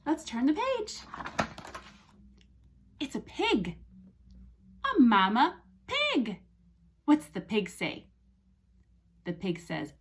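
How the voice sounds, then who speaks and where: A woman's voice: a little high, huge pitch swings, slow, long pauses, slightly rough. A woman speech language pathologist reading a picture book aloud to young children in a sing-song, exaggerated way, with animal sounds and drops to a whisper.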